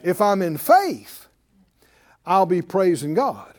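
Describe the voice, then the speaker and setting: A man's voice: high-pitched, big pitch swings, slow pace, a little mellow. A man preaching a sermon, who keeps quizzing his listeners with "Huh?". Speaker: preacher and Bible teacher.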